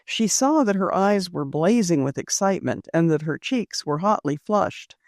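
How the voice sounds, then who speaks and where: Expressive woman reading an audiobook. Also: on the low side, moderate pace, no room sound, studio quality. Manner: expressive storytelling. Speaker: audiobook narrator. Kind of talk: scripted narration.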